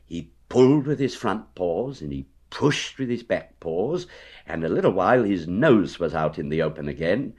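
A man narrating a children's storybook with expressive, animated reading. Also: low-pitched, normal speed, husky.

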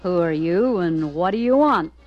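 A woman doing a gruff commanding circus man. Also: on the low side, lively intonation, moderate pace, muffled recording, faint music behind, lightly acted. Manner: loud, commanding. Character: gruff adult male circus master.

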